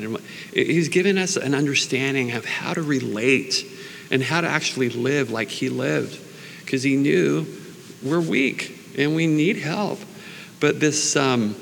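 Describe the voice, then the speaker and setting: A man preaching in an unhurried, earnest, informal way, mixing Bible readings with personal prayer. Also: mid-range voice, creaky, fairly bright tone. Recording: long reverb, faint background noise.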